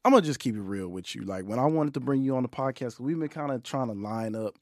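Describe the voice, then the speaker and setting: A man hosting a podcast, asking questions in a relaxed, warm, casual way with slang. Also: mid-range voice, fast talker, no echo, clean studio sound. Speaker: podcast host. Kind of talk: casual interview chat. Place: recording studio.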